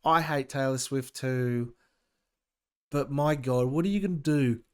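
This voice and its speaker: A man's voice: mid-range voice, a little slow, clear, resonant tone. A young Australian man hosting a casual opinion podcast, ranting and sarcastic as he reads the news and cuts in with his own comments. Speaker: podcast host.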